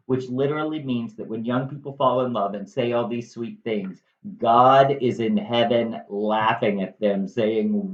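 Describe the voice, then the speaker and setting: A woman's voice: extremely low pitch, fairly even intonation, unhurried. A woman giving a chatty, sarcastic comic summary of a classic play, like a teacher at a whiteboard. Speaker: teacher-style storyteller. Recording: echoey room, slightly dull.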